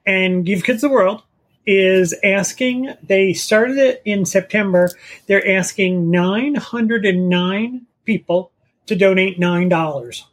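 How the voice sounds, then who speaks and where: A podcast co-host with a breathy, husky edge gives a brisk update. The voice sits mid-pitch and moves through the numbers quickly. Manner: brisk, reads out facts and figures. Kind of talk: casual chat.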